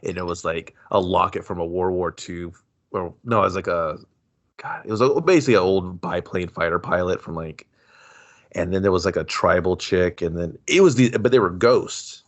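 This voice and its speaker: A man's voice: low voice, moderate pace. A man co-hosting a podcast, rambling casually with lots of fillers about a movie. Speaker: podcast co-host. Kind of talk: casual movie review chat. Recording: dull lo-fi audio.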